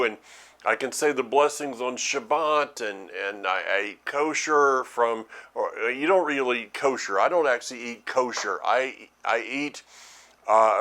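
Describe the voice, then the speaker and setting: Halting, earnest man teaching. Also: lowish voice, a bit bright. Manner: halting, repeats words while thinking aloud. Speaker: ministry teacher. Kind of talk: sermon.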